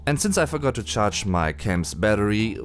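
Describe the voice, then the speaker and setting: A man with a fairly low voice walks through a pronunciation lesson, his pitch rising and falling a lot as he stresses each example. He speaks patiently and slowly sounds out the words. Soft music plays faintly behind him. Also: sing-song. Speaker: German language teacher. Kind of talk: explanatory voice-over lesson. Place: indoors at home during a thunderstorm. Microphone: voice-over, no camera.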